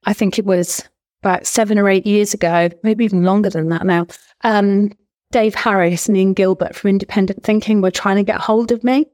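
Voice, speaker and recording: A woman's voice: mid-range voice, steady tone, fairly quick, darkish tone. A middle-aged woman, a former language teacher, chatting as a guest in an interview, enthusiastic and full of asides. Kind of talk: casual interview storytelling.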